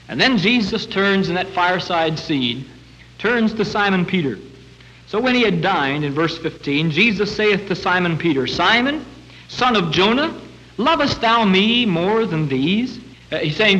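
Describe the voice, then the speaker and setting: A man's voice: on the high side, fairly bright tone. A male preacher giving a sermon, telling Bible scenes and acting out the voices in them. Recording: dull lo-fi recording.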